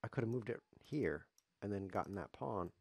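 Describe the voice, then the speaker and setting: A man's voice: on the low side, animated, normal speed, vocal fry, a little mellow, slightly rough, no room sound. A man commenting live on his own chess game as a streamer, sarcastic, self-mocking and grumbling.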